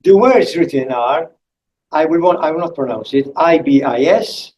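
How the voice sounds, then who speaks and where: An older man giving a public academic lecture, speaking deliberately with pauses and spelling out letters one by one. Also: on the high side, expressive, a little mellow, slight background noise, rough recording. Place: lecture hall.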